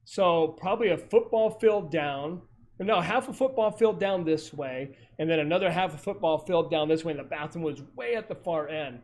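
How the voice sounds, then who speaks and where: A man's voice: fairly high pitch, moderate pace, a little mellow. A man who investigates hauntings, telling stories on a video call in a rambling way, with many fillers and corrections. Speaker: paranormal investigator. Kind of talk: casual storytelling over a video call.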